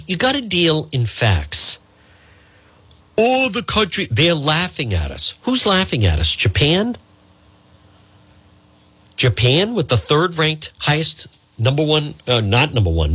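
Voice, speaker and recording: A man's voice: a little high, bright, forceful tone, husky, no room sound. Combative man ranting on talk radio. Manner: combative, exasperated, rhetorical questions. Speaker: radio talk show host.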